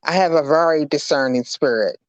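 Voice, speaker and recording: A woman, a guest on an interview show, recounting a personal ordeal in earnest, halting, faith-filled words. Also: sits low, no echo. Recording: dry, dull lo-fi recording.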